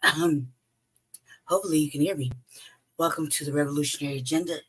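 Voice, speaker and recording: A woman hosting a livestream in a casual, rambling way, hoarse from losing her voice and often pausing to search for words. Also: deep voice, fairly even intonation, low-quality recording. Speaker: host. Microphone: home streaming setup.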